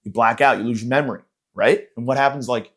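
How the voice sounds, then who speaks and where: A man's voice: mid-range voice, fast talker, fairly bright tone. A man hosting a comedy podcast, delivering a rambling, sarcastic, profane rant. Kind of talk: ranting comedic monologue.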